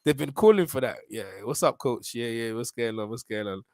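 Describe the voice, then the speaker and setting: A man hosting a casual boxing livestream, animated and slangy, repeating himself as he talks. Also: medium pitch, brisk, vocal fry, no room sound.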